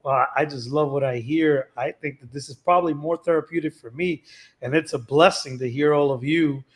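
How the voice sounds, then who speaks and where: A man's voice: on the high side, fairly even intonation, brisk. A man who is a pastor, speaking in an earnest, preacherly way as he shares his testimony. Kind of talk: reflective testimony.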